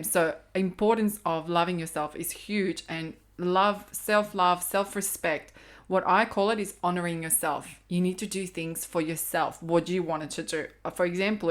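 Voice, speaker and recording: A woman's voice: lowish voice, fairly bright tone. A middle-aged woman with a Croatian accent, talking earnestly as a podcast guest and life coach, stressing and repeating her key points. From Balkans. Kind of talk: casual podcast conversation.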